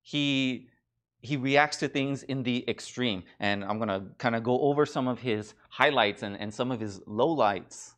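A man's voice: medium pitch, a little slow. Conversational male pastor preaching. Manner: conversational, animated retelling with many restarts and fillers. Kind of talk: sermon. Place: church.

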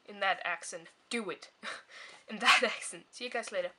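A woman's voice: mid-range voice, moderate pace, pushed and bright, a little hiss or hum. A woman talking casually in her own vlog, bubbly and rambling with frequent giggles. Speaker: vlogger.

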